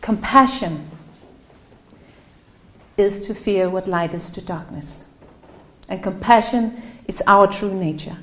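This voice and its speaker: A woman giving an earnest, halting opening speech to a live audience, her voice catching with emotion at times. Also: mid-range voice. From Denmark. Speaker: event host. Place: room in front of a live audience. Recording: roomy echo.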